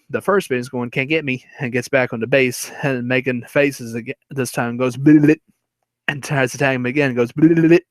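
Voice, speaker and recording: A man retells a film's plot in a loose, rambling way, full of fillers and small chuckles. His voice sits at an ordinary middle pitch. The recording is dry and close. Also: fairly bright tone, no room sound. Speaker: movie reviewer.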